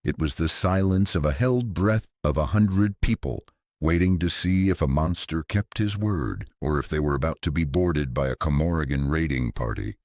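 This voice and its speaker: A man's voice: a bass voice, normal speed, a little mellow, no echo, clean studio sound. A man narrating a scripted sci-fi story in a grave, dramatic storytelling manner.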